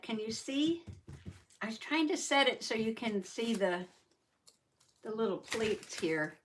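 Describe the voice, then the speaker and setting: Female live-stream host, casual chat, slow unhurried delivery, slightly high voice, folksy greetings. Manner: folksy, greets viewers with repeated howdys and soft laughs.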